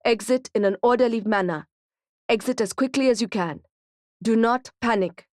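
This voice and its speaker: A woman voicing a giant male vuvuzela mascot who gives slow, deliberate announcements with a put-on Zulu-tinged lilt. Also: on the high side, a little mellow, no echo, studio quality, close to an everyday voice. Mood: calm.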